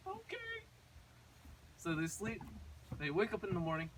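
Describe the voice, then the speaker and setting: A man's voice: a little high, fairly quick. Man rambling through a fairy tale. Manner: rambling, many fillers and restarts. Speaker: storyteller. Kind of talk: casual fairy-tale retelling. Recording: distant mic with faint noise.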